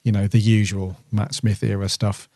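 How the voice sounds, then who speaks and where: A man co-hosting a podcast in a relaxed chat. His voice is dark and mellow, sitting in a middle pitch, recorded dry and close. He rambles, stumbles and restarts often. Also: normal speed, no room sound. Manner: rambling, many fillers and restarts. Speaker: podcast co-host. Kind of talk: casual chat reviewing an episode.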